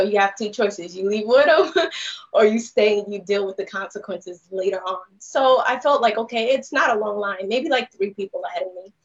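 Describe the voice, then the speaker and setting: A woman guest speaker telling her personal story in a candid, rambling way, full of "you know" fillers. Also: medium pitch. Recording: dull lo-fi live stream audio.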